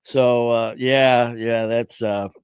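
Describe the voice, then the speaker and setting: A man's voice: mid-range voice, flat delivery, slow, smooth, no echo, studio quality. A man hosting a streamed talk show, telling stories in a rambling, casual way with lots of fillers and some swearing. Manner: rambling, frequent fillers, laughs at own stories. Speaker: podcast host. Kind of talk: casual storytelling chat. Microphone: home streaming setup.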